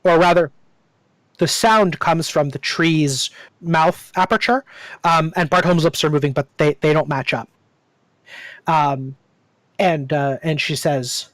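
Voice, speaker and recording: A man narrating as game master in a tabletop game, descriptive and unhurried, with many fillers. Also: on the high side, a bit bright, no echo.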